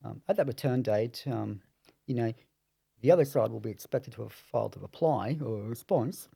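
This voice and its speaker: A man playing a family lawyer lays out how court procedure works, measured yet expressive. His gravelly, husky, dark voice sits at a medium pitch, and the podcast mic captures it dry and up close.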